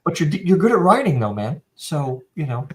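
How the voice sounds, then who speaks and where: A man's voice: fairly high pitch, very animated, a little fast. A man co-hosting a podcast in casual chat, easygoing and teasing his partner. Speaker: podcast co-host.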